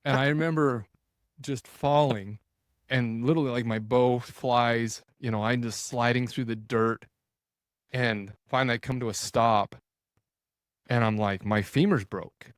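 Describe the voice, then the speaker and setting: A man in his forties, a podcast guest, telling a story in a casual, animated way, full of restarts and quoted thoughts. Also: medium pitch, a little slow, clear, resonant tone, no echo, studio quality. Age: 40s.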